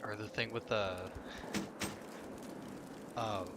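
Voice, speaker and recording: Male game streamer, fairly low voice, loose rambling chat full of swearing, loud game noise behind. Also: level tone, takes it slowly, creaky. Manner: rambling, swearing, laughing at own stories. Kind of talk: casual chat while gaming.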